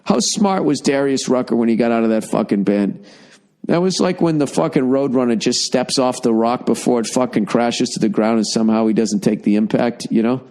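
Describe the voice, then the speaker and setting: A man's voice: medium pitch, fairly quick, darkish tone. A middle-aged man from the United States hosting a podcast, answering listener mail in a blunt, profane, rambling rant. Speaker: podcast host. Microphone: podcast mic.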